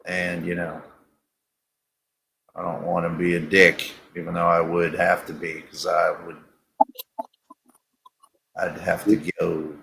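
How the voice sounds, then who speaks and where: Gravelly, husky man cracking crude jokes. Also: low-pitched, completely flat delivery, takes it slowly, pauses often, pushed and bright. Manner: crude, sarcastic, rambling storyteller. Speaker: show host. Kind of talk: casual comedic banter.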